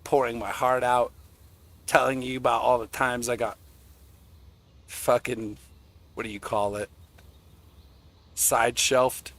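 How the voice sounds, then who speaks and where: A young man streams and chats in a rambling, crude, joking way. He talks slowly, and his voice has a bright, tense edge. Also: mid-range voice, flat delivery. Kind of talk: casual chat.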